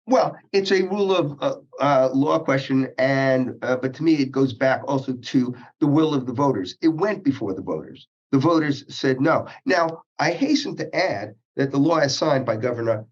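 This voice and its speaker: A man as an interview guest, speaking in measured legal phrasing, halting often with uhs and restarts. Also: mid-range voice, expressive. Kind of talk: policy interview. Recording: dull lo-fi sound.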